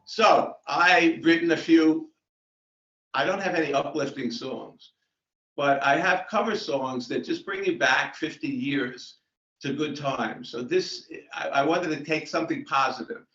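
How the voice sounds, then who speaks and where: An older man, a performer at an online open mic, talking in a casual, unhurried, rambling way over a video call. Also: on the high side, fairly bright tone, far from the mic, faint music behind. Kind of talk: casual chat and joke telling. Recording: roomy, dull video-call audio.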